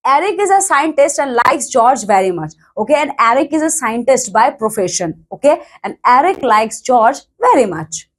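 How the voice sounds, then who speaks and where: A woman's voice: high voice, big pitch swings, moderate pace, hardly any pauses. A woman with an Indian English accent teaching an English lesson, reading a textbook story aloud and then explaining each line in simpler words with many "okay"s. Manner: reads a line then paraphrases it, with frequent "okay"s.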